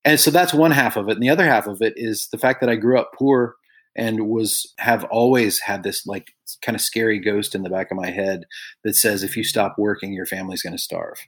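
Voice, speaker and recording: The lowish, slightly rough and somewhat bright voice belongs to a middle-aged man, a songwriter and author guesting on a podcast. He talks fairly quickly, reflecting earnestly on personal stories, perking up when quoting others and then easing back into thoughtful conversation.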